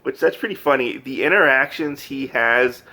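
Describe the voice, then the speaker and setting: A man casually recapping a manga, animated and full of fillers, laughing often. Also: mid-range voice, moderate pace. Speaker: manga reviewer. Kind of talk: casual review chat.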